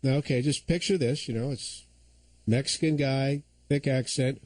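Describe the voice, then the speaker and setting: A man's voice: mid-range voice, steady tone, moderate pace, darkish tone, dry recording, rough recording. A man filling in as host of a talk radio show, telling stories and giving opinions in a conversational monologue on a studio microphone.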